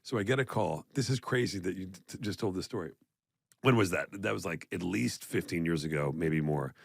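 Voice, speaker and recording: A man in his fifties, a podcast co-host, telling a story in a lively, swearing way. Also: sits low, fairly quick, vocal fry, husky, no room sound, clean studio sound. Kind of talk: casual conversation.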